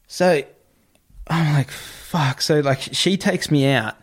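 A man, a podcast guest telling a story in a casual, animated way, often swearing and repeating himself. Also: on the high side, slow. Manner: animated, repetitive, swears freely.

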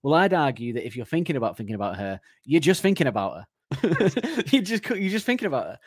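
A man's voice: medium pitch, big pitch swings, quick pace, dry recording. Man, podcast co-host, laughs a lot, joking riffs, dry close mic. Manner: laughs often, acts out mock phone calls. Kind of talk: casual comedic chat.

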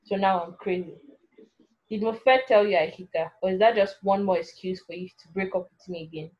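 A woman putting on a defensive young man, indignant and dismissive, in her own mid-pitched voice, heard through a dull lo-fi recording that rounds off the highs. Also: fairly even intonation, brisk, natural voice.

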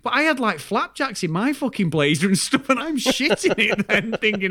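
A man co-hosting a podcast, chatting about an old film in an animated way, swearing freely and telling stories from his school days. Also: very high voice, fairly quick, vocal fry, few pauses. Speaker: podcast co-host. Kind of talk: casual film review chat.

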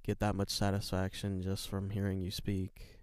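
A young man co-hosting a podcast, talking in a relaxed, rambling way with plenty of swearing and a soft, soothing voice. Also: low-pitched, moderate pace, clear, resonant tone, no room sound. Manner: laid-back, rambling, swears often. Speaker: podcast co-host. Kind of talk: casual chat.

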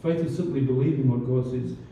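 Mellow-voiced pastor in an echoey hall. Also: male voice, mid-range voice, brisk, a little hiss or hum. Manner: conversational, many fillers and restarts. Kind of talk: sermon. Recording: distant, roomy, dull church recording.

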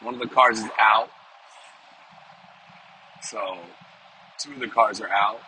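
A man's voice: fairly low pitch, steady tone, slow pace, bright, forceful tone, low-quality recording. Rambling middle-aged man with background noise. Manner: rambling and conversational, repeats himself, often asks "you know?". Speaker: vlogger and sales professional. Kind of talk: casual monologue to camera.

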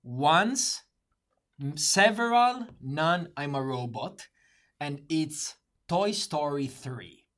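A man's voice: fairly high pitch, lively intonation, slow pace, a bit bright. A man in his thirties co-hosting a podcast, telling stories in casual chat with frequent laughs and fillers. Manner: laughing storyteller, non-native English with fillers. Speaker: podcast co-host.

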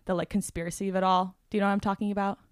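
A young woman hosting a casual chat, talking fast and playful with lots of "like" fillers. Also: medium pitch, level tone, clear, resonant tone, dry recording, studio quality. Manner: chatty, filler-heavy, playful. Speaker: podcast host.

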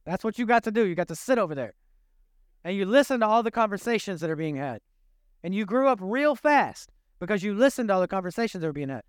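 An older man with a drawl preaches like he's chatting with his congregation, joking and animated as he goes. His voice sits high for a man and comes across smooth and resonant. The sound is dry and close, with no room echo. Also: quick pace. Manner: conversational, jokey, animated preaching. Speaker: pastor. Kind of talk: sermon.

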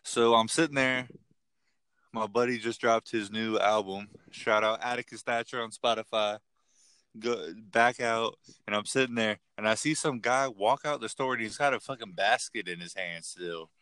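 Young podcast guy, bright and forceful tone, dry close mic, swears a lot. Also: on the low side, normal speed, clear, resonant tone, no room sound. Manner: profane, rambling, animated storyteller. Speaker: podcast co-host. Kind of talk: casual storytelling chat.

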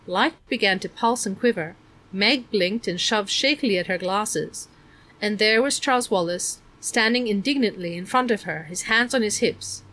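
A woman narrating a children's novel in a measured, expressive reading. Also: medium pitch. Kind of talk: audiobook narration.

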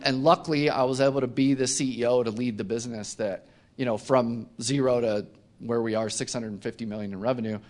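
A man as an interview guest, telling a self-mocking personal story in casual conversation with lively delivery. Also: medium pitch. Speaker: company co-founder, interview guest.

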